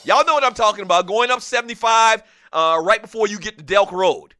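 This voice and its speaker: A man hosting a casual sports talk show, animated, often laughing and reading listener messages aloud. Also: high voice, brisk, no room sound, studio quality, soft background music.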